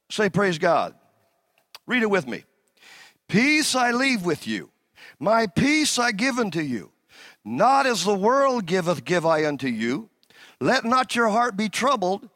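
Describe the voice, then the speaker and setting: A man preaching a sermon with a bright, ringing voice and a very animated pitch that swoops up and down. He repeats his phrases and calls on the congregation to answer back. The sound is close and dry. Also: no room sound. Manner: repetitive call-and-response preaching, leading the congregation. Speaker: senior pastor.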